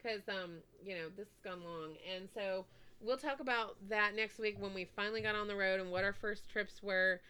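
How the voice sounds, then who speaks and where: A woman chats through a long personal story on a podcast, with a bright, crisp and smooth voice. She keeps circling back with "anyway" and sprinkles "like" through her sentences, in an easygoing conversational manner. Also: medium pitch, normal speed. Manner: chatty, full of "like" and "anyway". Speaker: podcast co-host. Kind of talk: casual storytelling chat.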